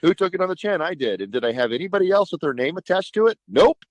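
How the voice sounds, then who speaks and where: A man's voice: high voice, fast talker, dry recording, poor audio. A middle-aged man, a state senator, talking emphatically on a radio talk show and acting out conversations. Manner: emphatic, animated, acts out conversations.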